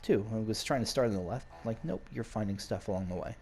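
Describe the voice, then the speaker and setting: A man playing a video game and casually thinking out loud, now and then reading in-game notes aloud. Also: on the low side, animated, quick pace, creaky, a little hiss or hum. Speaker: game streamer. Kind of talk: casual let's-play commentary.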